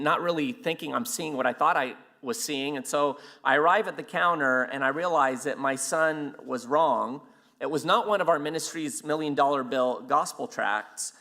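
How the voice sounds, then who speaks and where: A man speaking at a ministry event, telling a story in an animated way and acting out the quotes. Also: a little high. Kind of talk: storytelling sermon.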